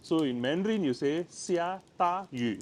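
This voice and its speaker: A man's voice: on the high side, animated, unhurried, a little mellow. Chatty Malaysian-accented man teaching outdoors. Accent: Malaysian English. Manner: chatty, playful, repeats words. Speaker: language teacher. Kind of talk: casual outdoor language lesson. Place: by the door of a house, outside in the rain. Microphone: handheld camera.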